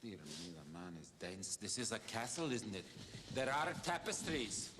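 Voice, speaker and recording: A haughty fake Scottish lord. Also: male voice, lowish voice, big pitch swings, moderate pace. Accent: put-on Scottish. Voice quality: haughty, fussy. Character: pompous man posing as a Scottish lord. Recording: film clip with long reverb and noise.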